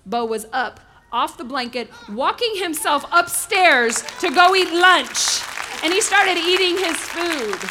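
A woman delivers a sermon as an animated storyteller. She acts out the voices and sound effects of her stories. Her voice sits high and sounds bright. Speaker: preacher.

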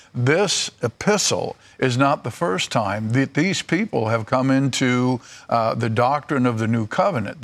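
Bible study leader, man, mid-pitched, measured and pausing. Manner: measured, with frequent "uh" pauses. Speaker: Bible teacher.

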